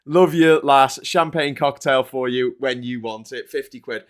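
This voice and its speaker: A man's voice: mid-range voice, measured pace. A man hosting a casual live-stream chat, laughing and reading out viewer donations. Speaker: host of a live online talk show.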